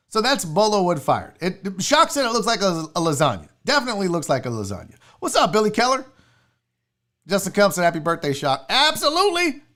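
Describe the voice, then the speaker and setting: A woman's voice: medium pitch, fairly bright tone. A woman hosting a casual livestream chat, blunt, profane and mocking as she reacts. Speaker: sports show host.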